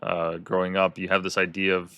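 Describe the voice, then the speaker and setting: A man hosting a casual interview podcast, telling animated stories and acting out the people he quotes. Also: low voice, brisk, clean tone, no room sound, clean studio sound. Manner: animated storyteller who acts out quoted people. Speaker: podcast host.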